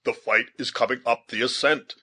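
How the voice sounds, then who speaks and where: Earnest young officer, read by a man, husky and matter-of-fact. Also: medium pitch, fairly even intonation, normal speed, sharp tone. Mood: urgent.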